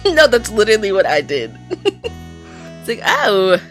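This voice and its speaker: A woman's voice: on the high side, huge pitch swings, slow pace, soft background music. A young adult woman streamer chatting casually and laughing often while playing live.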